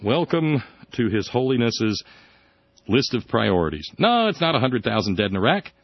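A man's voice: very animated, moderate pace, husky, no echo. Sarcastic male talk radio host. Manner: sarcastic, jumps into high mocking tones. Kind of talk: satirical talk radio monologue. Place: radio studio. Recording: dull dry radio broadcast.

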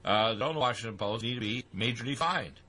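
A man in a played clip voicing strong opinions in a halting, stumbling way. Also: mid-range voice, pushed and bright. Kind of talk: opinion talk.

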